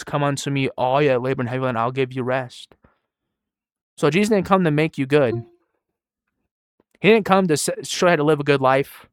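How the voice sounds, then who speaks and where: Young male preacher, twenties, tired and soft-spoken, conversational, dry close sound. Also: medium pitch, clear, resonant tone, no echo. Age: 20s. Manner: soft-spoken, conversational, trailing quiet between emphatic rises. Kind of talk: sermon.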